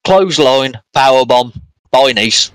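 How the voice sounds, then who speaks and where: A man's voice: mid-range voice, expressive, a little slow, fairly bright tone, clear, resonant tone, no echo. A man co-hosting a podcast, chatting casually and rambling through a wrestling show recap with lots of fillers. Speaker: podcast co-host. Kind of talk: casual wrestling review chat.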